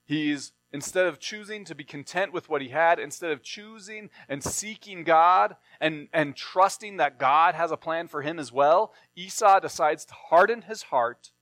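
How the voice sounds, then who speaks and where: A man's voice: on the high side, normal speed, hardly any pauses, fairly bright tone, no echo. Man reading scripture and preaching. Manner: reads scripture then explains it plainly. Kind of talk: Bible reading and sermon teaching.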